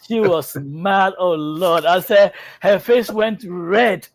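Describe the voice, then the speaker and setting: A male host with a somewhat high voice tells a story in an animated way, stumbling over restarts and fillers. The sound is dry and close, with no room around it. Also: unhurried, hardly any pauses, dry recording. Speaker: health show host and lab worker. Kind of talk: casual storytelling and reading out health info.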